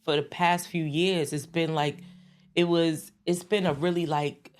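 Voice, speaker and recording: Low-voiced New York woman, chatty. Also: measured pace. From the Bronx, New York. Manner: animated and laughing, with many restarts and fillers. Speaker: guest recording artist. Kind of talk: casual interview chat.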